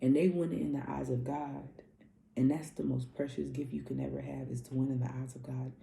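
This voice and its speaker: Woman doing a loose cussy astrology reading, dark gravelly voice, echoey room. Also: extremely low pitch, level tone, a little fast, a little hiss or hum. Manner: loose, profane, repetitive, preachy. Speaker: spiritual coach and astrology reader. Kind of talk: casual astrology reading to viewers. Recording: roomy echo.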